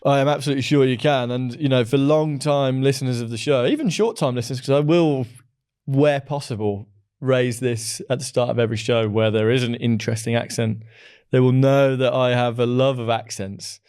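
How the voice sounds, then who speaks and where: A man's voice: medium pitch, steady tone, brisk, darkish tone, smooth. An English man hosting a podcast interview, upbeat, chatty and self-deprecating. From England. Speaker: podcast host.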